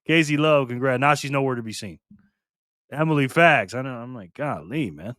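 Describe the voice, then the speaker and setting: A man's voice: mid-range voice, lively intonation, moderate pace, a bit bright, no echo, clean studio sound. A man hosting a casual live stream, reading viewer comments aloud in a playful, teasing way and laughing often.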